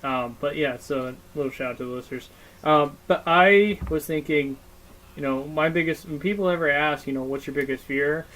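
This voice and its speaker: A young man co-hosting a podcast, telling stories in a loose, casual way. His voice sits a little high, and he swears freely and leans on fillers like "you know" and "like.". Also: fairly quick, a bit bright, rough recording. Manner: profane, storytelling with lots of fillers. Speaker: podcast co-host. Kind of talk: casual chat.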